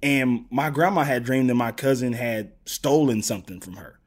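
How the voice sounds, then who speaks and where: A man, a podcast guest telling a long story. His voice sits at an ordinary mid pitch, and he jumps into other people's voices as he goes. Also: normal speed. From US South, Gulf Coast. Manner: animated storyteller, acts out quotes. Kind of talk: casual storytelling interview.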